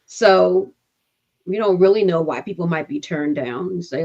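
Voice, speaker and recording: A woman's voice: fairly low pitch, normal speed, a little mellow, lo-fi sound. A woman co-hosting a casual panel chat, engaged and asking rhetorical questions. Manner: engaged, asks rhetorical questions, laughs along. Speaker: co-host.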